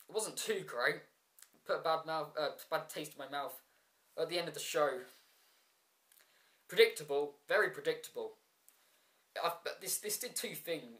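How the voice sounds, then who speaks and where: A man with a fairly high voice runs through a show in a casual review vlog. He gets frustrated and rants, stumbles over ums and restarts, and throws in sarcastic asides. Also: fairly bright tone.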